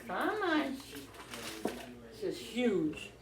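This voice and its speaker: A woman talking casually to her viewers while cooking in her home kitchen, rambling and thinking out loud as she works. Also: a little high, wildly swooping pitch, extremely slow, background noise. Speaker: cooking vlogger. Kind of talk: casual cooking vlog chat.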